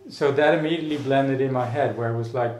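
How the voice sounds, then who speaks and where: A slightly mellow, mid-range voice belongs to a Dutch man who is an artist guest in a casual interview. Musing in an echoey room, he speaks thoughtfully and haltingly, with many restarts and fillers.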